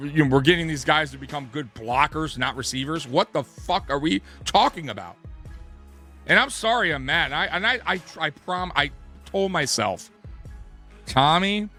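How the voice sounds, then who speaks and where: A man's voice: fairly high pitch, bright, forceful tone. A man hosting a sports talk show, ranting in a heated, profane way and often restarting his sentences. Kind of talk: sports commentary rant.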